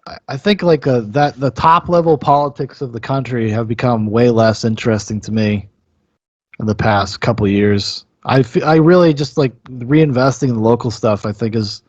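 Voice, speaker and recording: A young man co-hosting a podcast, talking in casual discussion in a measured, halting way that trails off low. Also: no echo. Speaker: podcast co-host. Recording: dry, slightly dull sound.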